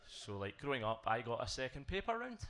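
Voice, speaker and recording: A man's voice: mid-range voice, very animated, brisk, background noise. A British man doing a self-deprecating stand-up set made of punchy one-liners. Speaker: stand-up comedian. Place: comedy club stage with audience.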